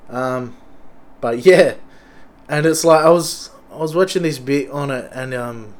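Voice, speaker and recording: A man's voice: mid-range voice, a little slow. A young Australian man with an Australian accent, rambling casually and swearing constantly in a loose monologue. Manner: sweary, rambling, blokey slang.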